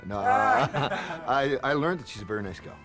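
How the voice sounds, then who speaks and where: Excitable man telling wild stories. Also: medium pitch, moderate pace, music in the background. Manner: laughs often, excitable, acts out stories. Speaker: talk show guest. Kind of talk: animated storytelling.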